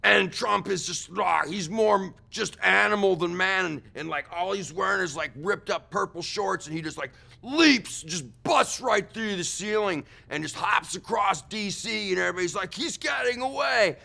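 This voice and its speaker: A young man playing a rambling witness in a comedy sketch, telling a wild story and shouting out the quotes. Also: high-pitched, normal speed, vocal fry, few pauses. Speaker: mock witness.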